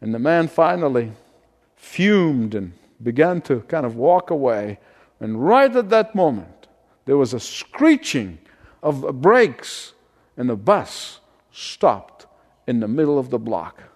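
A man preaching a sermon, telling a story with frequent chuckles and easing into quiet prayer. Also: medium pitch, big pitch swings, takes it slowly, big-room sound.

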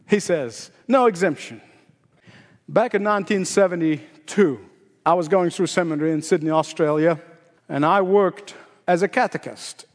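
An older male pastor delivers a sermon in a high, emphatic voice, repeating key phrases and lifting his pitch to drive them home. His words ring out with a long reverb tail, as in a large hall. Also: lively intonation, moderate pace.

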